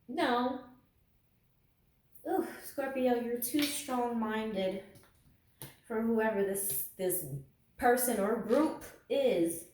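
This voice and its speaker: A woman's voice: a little high, drawn-out words, pauses often, darkish tone. A woman giving a casual tarot reading to camera, sarcastic and laughing often. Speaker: tarot reader. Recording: echoey room, mic at a distance.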